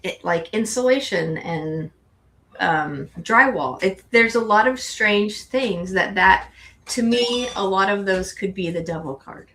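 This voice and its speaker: A woman's voice: medium pitch, measured pace, fairly bright tone, slight background noise. A middle-aged woman co-hosting a tarot show, chatting casually and rambling with frequent restarts. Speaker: tarot co-host. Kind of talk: casual chat.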